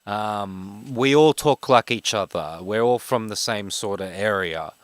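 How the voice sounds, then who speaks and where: A fast-talking game streamer in his twenties from Australia has a broad Western Sydney accent and a voice on the low side. He rambles in casual chat with many fillers, and there's no room sound.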